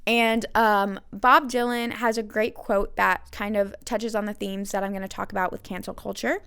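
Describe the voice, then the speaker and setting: A woman's voice: mid-range voice, level tone, moderate pace, creaky, a bit bright, smooth. A young American woman hosting a solo podcast, talking candidly and thinking aloud with frequent ums and likes. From United States. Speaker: podcast host.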